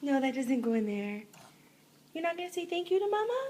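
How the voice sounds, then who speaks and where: High, lively young mother coaxing a toddler. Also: brisk, a little hiss or hum. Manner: sing-song, coaxing, laughs often. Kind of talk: playful talk to a toddler. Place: family home.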